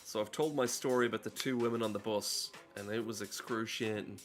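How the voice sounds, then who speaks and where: A man's voice: fairly low pitch, steady tone, fairly quick, soft background music. An Irish man streaming a driving game at home, ranting in a rambling, profane way. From Ireland. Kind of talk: casual gameplay commentary.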